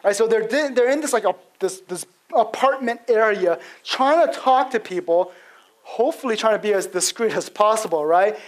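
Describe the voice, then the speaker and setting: A man preaching a sermon, telling the story in a casual, animated way with lots of fillers. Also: sits high, normal speed, faint music behind. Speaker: pastor.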